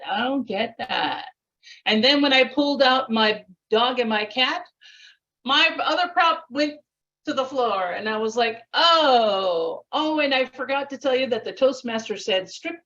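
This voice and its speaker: A woman's voice: on the high side, a bit bright. Speaking coach, woman, upbeat and chatty on a slightly muffled video call. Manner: upbeat, chatty, invites participation. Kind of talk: online workshop teaching.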